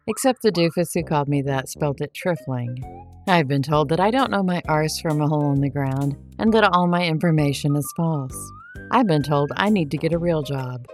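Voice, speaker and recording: A woman hosts a true crime podcast and talks back to her critics in a sarcastic, defiant monologue. Her voice sits low, and her tone stays pointed and unbothered. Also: darkish tone. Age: adult, married. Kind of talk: monologue to camera.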